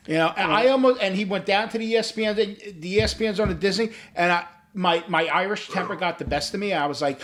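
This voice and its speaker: A man's voice: high voice, fairly quick, fairly bright tone. A middle-aged man co-hosting a podcast, telling stories in a casual, profane way and acting out what people said. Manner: storytelling, profane, acts out quoted voices. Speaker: podcast co-host. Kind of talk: casual chat.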